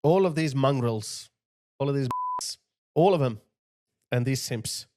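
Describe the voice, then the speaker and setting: A man delivering an opinionated political monologue to his viewers, blunt and emphatic, with quick asides and short chuckles. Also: mid-range voice, lively intonation, darkish tone. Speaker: political commentator.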